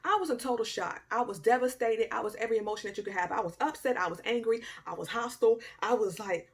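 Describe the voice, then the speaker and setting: A young woman telling a personal story to camera in a casual, animated way, with loud outbursts, quiet murmurs and slangy asides. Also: fairly high pitch, fast talker, few pauses. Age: young adult. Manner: informal Southern-style slang and asides. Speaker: storytime vlogger.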